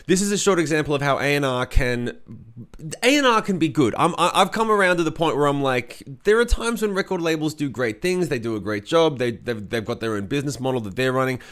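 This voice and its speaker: A man co-hosting a podcast, a rock singer telling a studio story in a casual, profane, animated way. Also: fairly high pitch, a little fast, clean tone.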